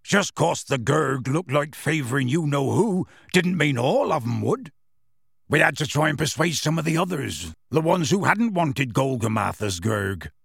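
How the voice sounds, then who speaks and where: A big, warm-hearted half-giant gamekeeper, as a male audiobook reader puts him on, spinning his tale in rough dialect with clear relish. The voice is gravelly and husky, and it rises and falls with lively pitch. It sits close and dry. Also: a little slow, no echo, full character voice. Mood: gruff storytelling. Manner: rough dialect speech, dropped sounds, storytelling relish. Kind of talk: audiobook character reading.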